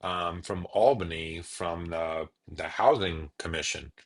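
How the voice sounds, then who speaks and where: A man's voice: low voice, unhurried. A man voicing a friendly, matter-of-fact English neighbor with a light English accent.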